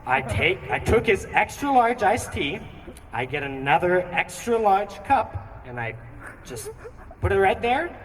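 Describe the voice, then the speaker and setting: Young man doing animated stand-up. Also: high voice. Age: young adult. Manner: animated, theatrical storytelling. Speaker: stand-up comedian. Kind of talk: stand-up comedy routine. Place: theatre stage. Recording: echoey hall, distant mic, noisy.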